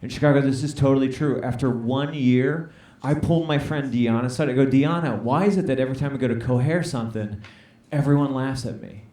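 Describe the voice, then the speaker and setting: A man's voice: mid-range voice, fairly quick, mellow. A man doing a stand-up comedy set on a club stage, playfully bantering with the audience. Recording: echoey club, mic at a distance, crowd noise. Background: audience laughter.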